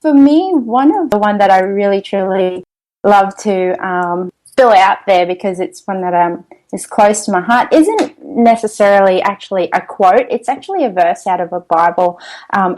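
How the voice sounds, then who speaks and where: A woman's voice: medium pitch, a little mellow, rough recording. A woman with an Australian accent, a podcast guest in casual interview chat, cheerful and laughing often as she talks.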